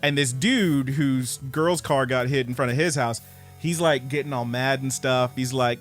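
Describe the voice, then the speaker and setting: A man's voice: medium pitch, brisk, faint music behind. Casual, cussing male podcast storyteller. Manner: animated storyteller, swears, acts out quoted voices. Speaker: podcast co-host.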